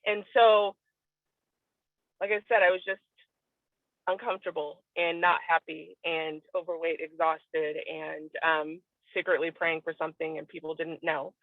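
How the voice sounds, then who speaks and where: A woman with a deep, fairly even, slightly slow voice gives an earnest, emotional personal testimony as a guest on a video call. The audio is tinny and dry like a phone line, and she is candid, at times tearing up.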